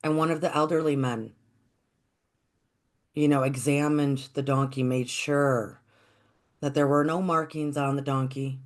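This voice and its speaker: A storyteller telling a folktale in a gentle, reflective, unhurried way. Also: medium pitch.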